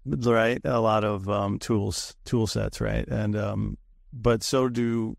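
A man's voice: fairly low pitch, steady tone, slow pace, gravelly, no echo, studio quality. A man chatting casually as a cybersecurity guest, rambling and profane, full of fillers and restarts. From United States. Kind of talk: casual podcast chat.

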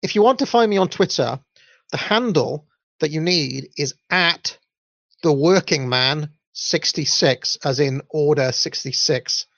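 A young Welsh man hosts a podcast, rambling casually through listener comments with plenty of ums and uhs. His voice is gravelly and fairly bright, delivered at a measured pace. The audio is dull, low-fidelity and dry, with no echo.

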